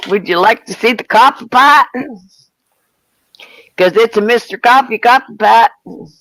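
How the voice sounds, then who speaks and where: A woman's voice: fairly high pitch, fairly bright tone, rough recording. A woman with a Southern US accent hosting a casual livestream panel, joking and laughing often in a playful drawl. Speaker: panel host.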